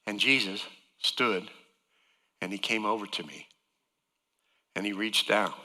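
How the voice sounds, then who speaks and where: A man's voice: lowish voice, fairly even intonation, measured pace, pushed and bright, in a large hall. A man giving an emotional church testimony, storytelling with wry joking asides. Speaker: guest speaker sharing a testimony. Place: church sanctuary.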